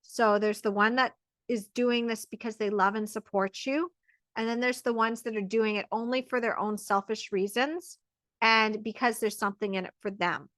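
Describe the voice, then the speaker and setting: A woman hosting and teaching an online birth class in a casual, animated way, acting out dialogues as she explains. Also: fairly high pitch, normal speed, dry recording. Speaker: birth educator and host.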